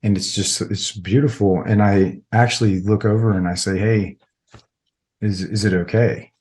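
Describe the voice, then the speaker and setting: Low-voiced middle-aged man telling a story. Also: fairly even intonation, moderate pace, darkish tone. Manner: rambling, heavy with filler words. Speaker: podcast guest, military veteran. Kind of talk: casual interview storytelling.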